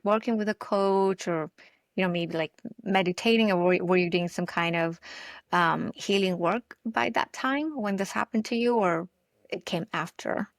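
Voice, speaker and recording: A woman's voice: mid-range voice, dry recording. A woman podcast host asking a guest a long, rephrased question. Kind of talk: interview questions.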